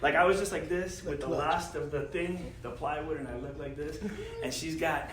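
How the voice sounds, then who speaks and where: A man with a high voice recounts a story in loose, profane podcast talk, often breaking into laughter. The room around him is echoey. Loud crowd chatter fills the background. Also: fairly even intonation, moderate pace. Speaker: podcast host. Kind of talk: casual storytelling.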